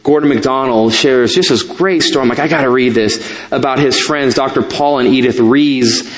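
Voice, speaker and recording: A man's voice: mid-range voice, normal speed. A middle-aged man, a pastor, preaching a sermon in a conversational way, with asides and self-corrections.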